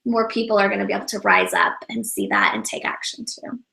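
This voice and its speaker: A woman's voice: mid-range voice, big pitch swings, brisk, gravelly, sharp tone. A woman guest in an interview, talking earnestly and often repeating words as she starts a thought. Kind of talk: casual interview talk. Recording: roomy echo.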